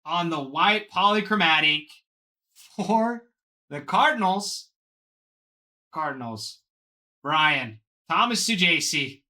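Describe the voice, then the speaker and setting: A man hosts a live card box break at an easy, unhurried pace. His voice is bright and forceful, and he gushes over each card and talks to viewers by name. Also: fairly high pitch, lively intonation.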